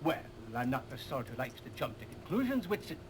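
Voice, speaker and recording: An actor playing a rambling, absent-minded old police chemist in a video game, who mixes up names and gets excited. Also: male voice, mid-range voice, a little fast, noisy background, lightly acted.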